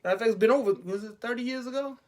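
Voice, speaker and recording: Sarcastic talk show host. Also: male voice, extremely high pitch, racing. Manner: sarcastic, preachy, rhetorical questions. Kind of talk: call-in web talk show monologue.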